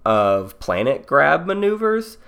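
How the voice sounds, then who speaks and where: A man's voice: on the high side, sing-song, slow pace, gravelly, a bit bright, clean tone. A man co-hosting a casual board game podcast, rambling through strategy with a joking manner. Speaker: podcast co-host.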